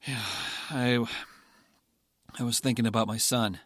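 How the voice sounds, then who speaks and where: A man voicing a stubborn male Air Force general who talks in calm, clipped, determined phrases. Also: medium pitch, a little slow, no room sound, studio quality, lightly acted.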